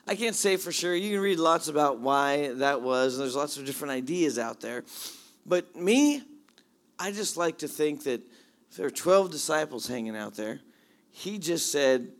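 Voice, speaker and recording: A man preaching a sermon, animated as he retells the story, swinging from hushed asides to excited bursts. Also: mid-range voice. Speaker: pastor.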